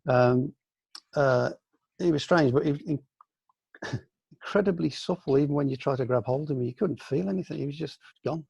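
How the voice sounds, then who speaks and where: Older man, mellow husky voice, reflective. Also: fairly high pitch, moderate pace, no echo, muffled recording. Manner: reflective, rambling, many ums and restarts. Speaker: senior aikido teacher answering questions. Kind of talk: casual online Q&A. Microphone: video call.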